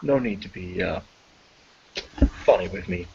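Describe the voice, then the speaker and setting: A man's voice: sits low, measured pace, vocal fry, darkish tone, a little hiss or hum, pitched below the performer's own voice. A man voicing a brusque male police officer who barks commands at a suspect. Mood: stern. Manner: barking commands. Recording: dull lo-fi audio.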